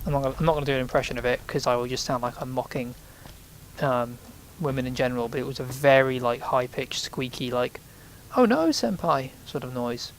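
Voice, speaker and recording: A man's voice: mid-range voice, level tone, fast, slight background noise, poor audio. A man giving casual let's play commentary, chatty and reacting aloud with sudden exclamations as he plays.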